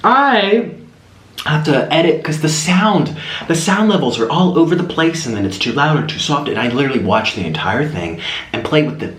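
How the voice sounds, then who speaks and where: At home, a young man with a somewhat high voice hosts an eating video, speaking at a moderate pace. His chatty storytelling wanders through rambling asides between bites. The built-in camera mic, used without a separate one, records an echoey room with slight hiss.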